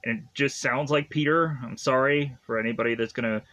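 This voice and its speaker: A man's voice: mid-range voice, steady tone, fairly quick, pushed and bright. A man casually retelling a film's plot in a rambling way, leaning on fillers and chuckling at twists. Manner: rambling, heavy use of "like" and "is to"; laughs at the plot. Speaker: movie reviewer. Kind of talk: casual spoken film recap.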